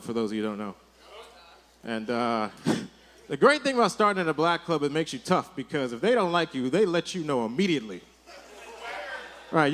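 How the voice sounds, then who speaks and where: A male stand-up comedian doing a rambling set on a comedy club stage, speaking into a handheld mic and checking in with "right?" again and again. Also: on the high side.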